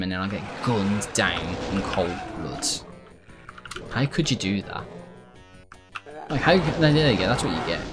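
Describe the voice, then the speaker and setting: A man giving casual, rambling commentary as he plays a video game, correcting himself often and swearing when frustrated. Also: deep voice. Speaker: gaming YouTuber.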